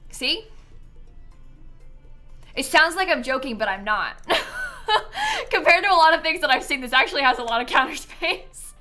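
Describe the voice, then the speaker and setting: Female streamer, bright giggly chatter over soft background music. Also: high-pitched, very animated, a little slow, pauses often. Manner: chatty and giggly, answers chat. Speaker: streamer building in a life-sim game. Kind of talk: casual live-stream chat.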